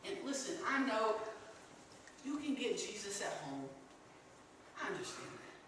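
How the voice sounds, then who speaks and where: A man preaching a sermon, calling out "amen" to the congregation between lines and building up to shouts. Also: high-pitched, very animated, a little slow, a little hiss or hum. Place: church sanctuary. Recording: echoey sanctuary, distant mic. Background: congregation responding.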